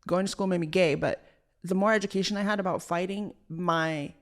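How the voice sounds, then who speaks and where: Young woman, podcast host, lower voice, vocal fry, chatty valley-girl filler talk. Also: steady tone, a little fast. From Los Angeles, Southern California. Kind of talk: casual solo podcast chat.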